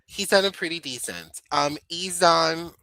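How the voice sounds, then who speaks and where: A man co-hosting a casual live-stream chat, giving animated opinions and mixing in Spanish phrases. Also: on the high side, measured pace, low-quality recording. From Dominican Republic. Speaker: co-host.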